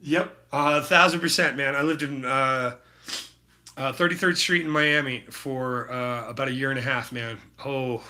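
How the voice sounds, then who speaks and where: Bright-voiced laid-back streaming painter man. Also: medium pitch, fairly even intonation, moderate pace. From Utah. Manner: laid-back, slangy, talks to chat. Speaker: livestreaming painter. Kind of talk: casual live-stream chat while painting.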